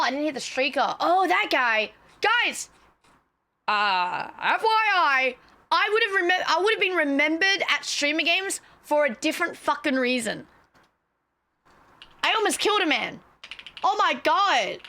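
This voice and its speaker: A woman streamer chatting casually to her viewers, excitable and swearing freely. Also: high-pitched. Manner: excitable, swears a lot, talks straight to chat.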